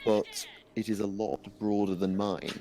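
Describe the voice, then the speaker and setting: A man's voice: on the low side, level tone, unhurried, warm tone. A man chatting casually on a livestream, rambling with frequent restarts. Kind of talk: casual chat.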